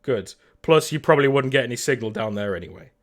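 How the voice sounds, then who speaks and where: A man voicing a brisk male starship captain who gives curt, cautioning orders to his crew in a tabletop game. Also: mid-range voice, expressive, close to an everyday voice.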